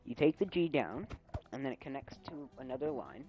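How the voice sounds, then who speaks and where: A young man streaming casually, rambling with many fillers, his volume swinging loud and soft. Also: medium pitch, sing-song, fairly quick, highs cut off. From United States. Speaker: railfan streamer. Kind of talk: casual gameplay stream chat. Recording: loud music behind.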